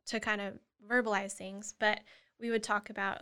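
A woman guest on a podcast, earnestly explaining how she supports children, often acting out gentle words to a child. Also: mid-range voice, flat delivery, normal speed, smooth. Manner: earnest, acts out gentle parent dialogue. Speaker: guest, family therapist. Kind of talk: casual interview chat.

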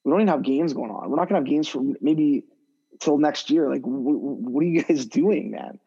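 A man, a guest hockey skill development coach, talking casually on a podcast in a rambling, animated way full of fillers and restarts. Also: on the high side, a little fast, breathy edge, dull audio.

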